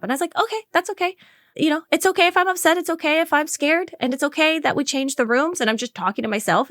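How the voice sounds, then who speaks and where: Woman, 40s, podcast host, candid personal monologue, slightly high voice, dry close sound. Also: fairly bright tone, no room sound. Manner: candid, earnest and conversational.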